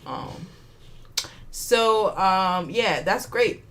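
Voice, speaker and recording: A woman co-hosting a podcast, chatting casually about politics, animated, swearing and laughing often. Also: medium pitch, drawn-out words. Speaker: podcast co-host.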